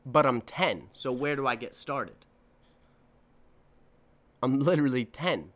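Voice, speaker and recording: A man's voice: medium pitch, lively intonation, slow, fairly bright tone. A man in his twenties hosting a solo podcast, telling stories in a rambling, profane, self-correcting way. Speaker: podcast host. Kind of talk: casual solo podcast monologue.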